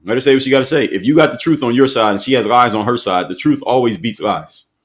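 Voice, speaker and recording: A man's voice: mid-range voice, quick pace. A man hosting an opinion commentary show, speaking emphatically and repeating his points for effect.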